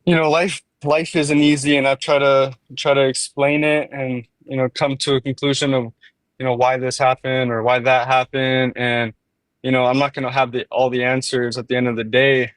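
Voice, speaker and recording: A man's voice: medium pitch, little pitch movement, moderate pace, dry recording. A man calling into a casual talk show, hesitant and searching for his words. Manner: hesitant, many fillers and restarts. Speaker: caller. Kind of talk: casual call-in chat.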